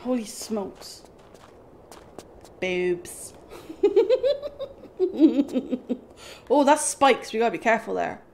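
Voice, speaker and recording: A woman's voice: high voice, wildly swooping pitch, takes it slowly, gravelly, long pauses, a little mellow, a little hiss or hum. A young woman streaming a video game live, chatting with viewers, swearing, laughing and talking to her dog. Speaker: gaming streamer.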